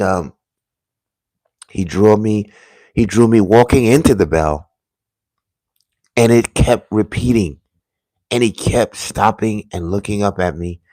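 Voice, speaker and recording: A man earnestly telling viewers about a vivid dream in a casual, halting way, dropping to a hush at the tense parts. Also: on the low side, no room sound. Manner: earnest, halting, drops to a hushed voice at tense moments.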